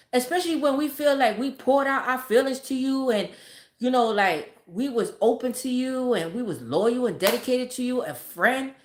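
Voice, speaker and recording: Blunt, profane woman in an echoey room. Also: high-pitched. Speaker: vlogger. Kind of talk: casual motivational rant.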